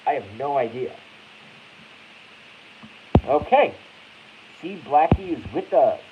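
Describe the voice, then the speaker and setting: Male stream host, rambling and foul-mouthed, mid-pitched, dull lo-fi sound with faint hiss. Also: big pitch swings, takes it slowly. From Boston. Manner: rambling, profane, self-interrupting. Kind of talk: casual ranting live stream.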